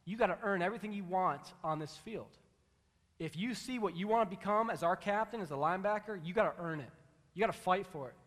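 A man voicing a stern male high school football coach who yells in your face, with long hall reverb around him. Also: fast talker.

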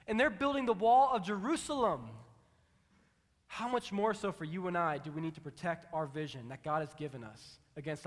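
A man preaching a sermon in a large church hall, telling stories in an animated, conversational way and acting out quotes. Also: high voice. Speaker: pastor. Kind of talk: storytelling sermon.

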